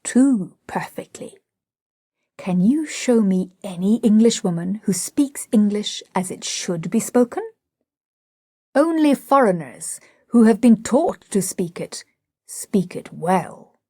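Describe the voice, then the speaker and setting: A boastful man, read by a woman, laying down grand, self-assured pronouncements. He talks slowly, in a husky, breathy voice, recorded close and dry. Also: medium pitch, animated, dark tone, dry recording. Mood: pompous. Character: pompous Hungarian man, boastful self-styled expert. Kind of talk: audiobook drama reading.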